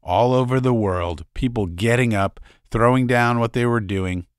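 A man voicing a gruff older revolution veteran in an audiobook, telling war stories in a deep, furry voice with boastful swagger. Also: normal speed, no room sound, studio quality, close to an everyday voice. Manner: boastful, beer-soaked storytelling. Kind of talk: audiobook character voice.

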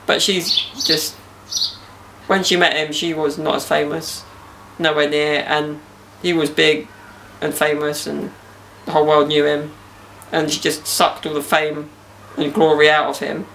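A young man chats loosely and jokily on his podcast, dropping slang as he goes. His voice sits a little high and has a gravelly, creaky edge. Faint outdoor hiss runs underneath. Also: completely flat delivery, unhurried, fairly bright tone. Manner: joking banter with slang. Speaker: podcast host. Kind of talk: casual podcast chat. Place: outdoors in a garden.

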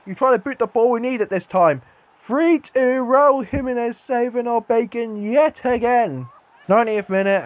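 Brief: young gamer, high voice, lively commentary with frustrated outbursts. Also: male voice. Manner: excitable, swings into frustrated rants and shouts. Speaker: gaming YouTuber. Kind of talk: live gameplay commentary.

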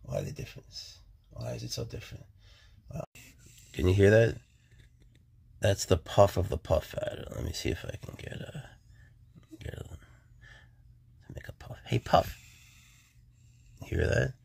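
A laid-back man keeping snakes, chatting casually to the camera and talking softly and coaxingly to his animals. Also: on the low side, very animated, normal speed, vocal fry, pauses often, husky. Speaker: snake keeper.

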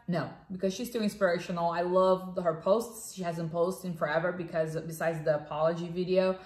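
A chatty woman co-hosting a casual podcast, talking on with plenty of fillers and restarts. Her voice sits a little low for a woman. She is heard in a roomy, echoey space. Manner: chatty, animated, many fillers. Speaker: podcast co-host. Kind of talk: casual chat. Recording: echoey room.

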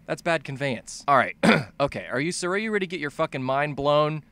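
A man doing a comedic video game critique voice-over, ranting excitably and full of swearing, his voice jumping up high when he gets worked up. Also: a little fast, no room sound, faint music behind. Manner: jumps to a high, yelping pitch when excited. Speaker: fan dub voice-over narrator.

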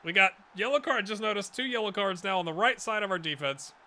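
A man's voice: sits high, animated, fast, pushed and bright. A man casually commenting on his own football management game, chatty and self-mocking, urging his players on. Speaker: gaming YouTuber.

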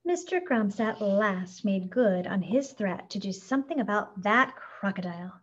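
A woman narrating a children's storybook in a gentle, expressive read-aloud. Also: medium pitch, unhurried. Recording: dull lo-fi recording.

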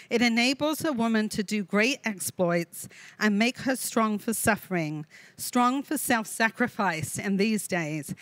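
Woman leading a women's Bible study, earnest, reads verses with warm asides, dry close mic. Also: medium pitch, dry recording. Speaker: women's ministry leader. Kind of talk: devotional Bible teaching to women. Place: online video session with a co-host.

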